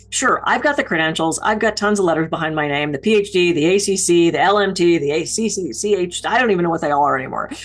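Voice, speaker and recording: A woman keynote speaker giving public speaking advice in an expressive, down-to-earth, conversational way. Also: on the low side.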